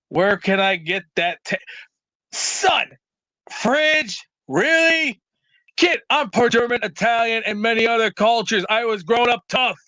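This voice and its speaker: A man calling into a show, ranting in a brash, loud, rambling tough-guy bluster over lo-fi internet call audio. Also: very high voice, normal speed, no room sound. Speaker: show caller. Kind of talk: comedic call-in rant. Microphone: remote internet call.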